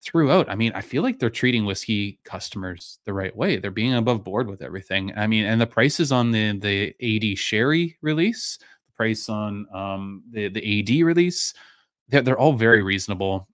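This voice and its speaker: A man hosting a live stream, chatting casually and answering viewers in a loose, rambling way with lots of fillers, his voice going a little hoarse. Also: lowish voice, a little fast, no echo, studio quality. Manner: relaxed, rambling, many fillers and restarts. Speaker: live-stream whisky reviewer, host.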